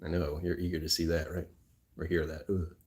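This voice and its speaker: A man's voice: low voice, flat delivery, a little fast, a little mellow. A man hosting a casual livestream from his phone indoors, rambling, joking and laughing often. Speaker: livestream host. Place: indoors on a rainy afternoon.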